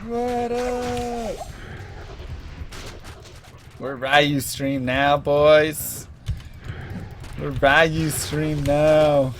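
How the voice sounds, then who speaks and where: A man live-streaming a game, joking, laughing a lot and yelling when excited. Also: a little high, drawn-out words, slight background noise.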